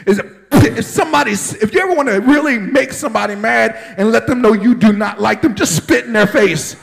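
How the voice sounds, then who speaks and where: A male pastor preaching a sermon with fervent energy, often rising into shouted exclamations. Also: extremely high pitch, a little fast, vocal fry, rough recording.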